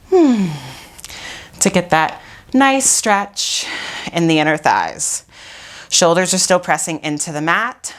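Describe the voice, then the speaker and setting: A woman's voice: on the low side, a bit bright. A woman pilates instructor guiding a workout while doing it herself, out of breath and sighing between cues.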